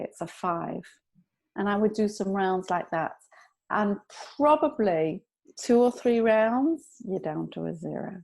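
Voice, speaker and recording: A woman guest, an EFT tapping practitioner, calmly explaining and walking through a technique. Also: mid-range voice, gravelly.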